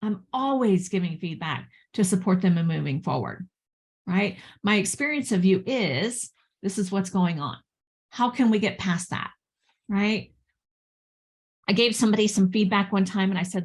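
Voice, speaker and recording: A woman's voice: mid-range voice, animated, moderate pace. A woman business coach talking casually about communication, chatty, with frequent "right?" and "you know" and laughs between points. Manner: chatty, lots of fillers and tag questions.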